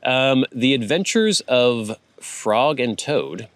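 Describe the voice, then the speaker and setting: A man's voice: mid-range voice, lively intonation, takes it slowly, dry recording. Chatty man, dry close sound. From United States. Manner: rambling, chatty, laughs often. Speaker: host reading viewer comments. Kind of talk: casual chat.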